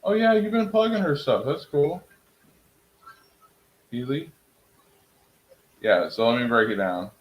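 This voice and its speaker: A young man streaming from home, chatting casually with his viewers in an excitable, rambling way and laughing at himself. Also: medium pitch, measured pace, long pauses, echoey room, poor audio. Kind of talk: casual live-stream chat.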